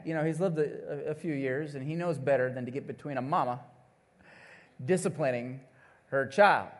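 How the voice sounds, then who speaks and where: Animated, high-voiced male preacher. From Missouri, USA. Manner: animated, playful storytelling with congregational asides. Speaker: pastor. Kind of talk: sermon with storytelling.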